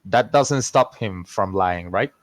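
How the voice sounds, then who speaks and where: A man's voice: low voice, dry recording. A man playing a tabletop game, talking hesitantly with lots of fillers. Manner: hesitant, filler-heavy, slow-spoken. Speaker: player. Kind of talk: casual in-character tabletop play.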